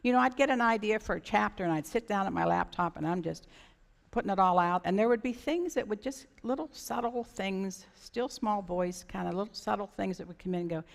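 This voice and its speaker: A woman's voice: mid-range voice, brisk, creaky. A woman pastor giving a sermon in a conversational storytelling manner, sometimes acting out voices. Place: church sanctuary. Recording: church sanctuary reverb.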